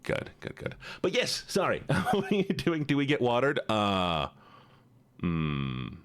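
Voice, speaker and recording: A man hosting a casual livestream chat, eager and talkative as he thanks and greets his viewers. His mid-pitched voice swings up and down a lot. He sounds excitable and friendly throughout. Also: slow pace, clear, resonant tone. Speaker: streamer.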